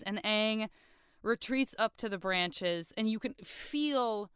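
A woman's voice: mid-range voice, takes it slowly, a bit bright, clean tone, no echo, studio quality. A young adult woman co-hosting a casual podcast chat, gushing and openly emotional as she recounts a scene. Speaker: podcast co-host.

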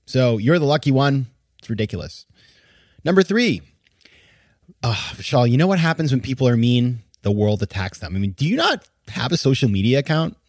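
A man's voice: medium pitch, sing-song, fairly quick, no room sound, clean studio sound. A man hosting a podcast, giving emphatic, exasperated casual commentary and laughing now and then as he talks. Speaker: podcast host.

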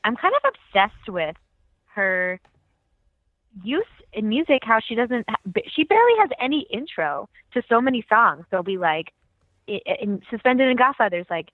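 A woman's voice: fairly high pitch, very animated, moderate pace, no echo. Chatty woman on a thin dry line. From California. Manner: enthusiastic, chatty, many fillers and laughs. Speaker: podcast co-host. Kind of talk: casual chat about music. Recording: thin phone-like dry sound.

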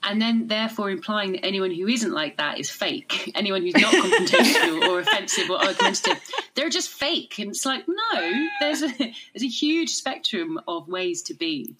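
A woman's voice: mid-range voice, very animated, normal speed. A woman in casual chat, candid and sweary, telling stories with animation.

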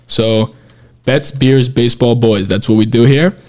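A man's voice: medium pitch, steady tone, a little slow, darkish tone. Rambling man hosting a podcast. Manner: rambling, restarts sentences, laughs often. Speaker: podcast host. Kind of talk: casual chat.

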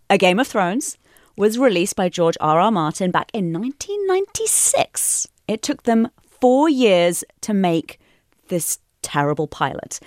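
Playful woman quiz host, very lively pitch, dry close sound. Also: no echo. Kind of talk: casual podcast quiz chat.

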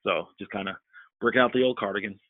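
A man from Florida co-hosting a sports podcast, chatting quickly with lots of "you know" fillers. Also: fairly low pitch, no echo. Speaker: podcast co-host. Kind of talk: casual sports podcast chat. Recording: phone-like narrow sound.

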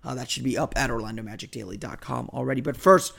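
A hoarse man hosting a solo podcast, talking in a rambling, self-deprecating way. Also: mid-range voice, fast talker, a bit bright. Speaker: podcast host. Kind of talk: casual solo podcast talk.

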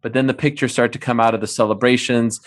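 Calm male interviewer, middle pitch. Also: fast talker. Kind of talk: interview questions.

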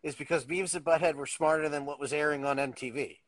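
A man's voice: fairly high pitch, fairly even intonation, fast talker, dry recording. A man co-hosting a podcast, telling rambling, laughing anecdotes in casual chat. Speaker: podcast co-host.

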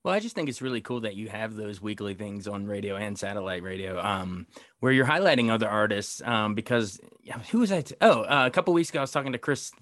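A man's voice: lowish voice, animated, quick pace, a bit bright, dry recording. Casual, rambling male interviewer, dry sound. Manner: casual, rambling, laughs easily. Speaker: entertainment reporter, interviewer. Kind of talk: conversational interview.

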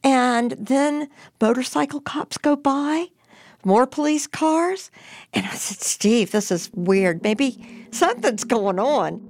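Older woman guest, gravelly and slow, recounting her own story with gusto. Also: sits high, no echo, studio quality. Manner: lively, animated retelling with voiced quotes. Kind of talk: telling a personal story in an interview.

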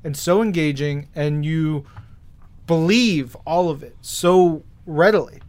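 A man's voice: fairly high pitch, slow pace, a little mellow. A man with a Long Island or New York accent, co-hosting a podcast and gushing about comics in casual chat. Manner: enthusiastic, gushing. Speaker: podcast co-host.

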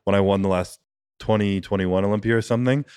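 A man with a very low voice speaks quickly and loosely, filling every thought with "like" and dropping curse words as he goes. The sound is close and dry, with no room around it, as in a podcast studio. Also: fairly even intonation, darkish tone, clear, resonant tone, dry recording. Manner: rambling, fillers of "like", frequent swearing. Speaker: podcast guest, bodybuilding competitor. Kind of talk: casual podcast conversation.

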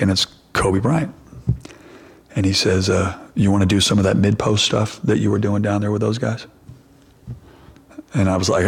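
A man's voice: low voice, vocal fry, husky. A middle-aged man, a basketball coach, answering press questions and telling a long story with many restarts and fillers.

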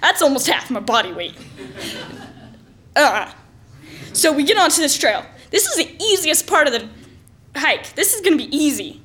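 A woman with a high voice tells a personal story aloud. She is animated and self-mocking and plays up the drama for comic effect. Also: moderate pace, pauses often. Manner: lively, self-mocking, exaggerated.

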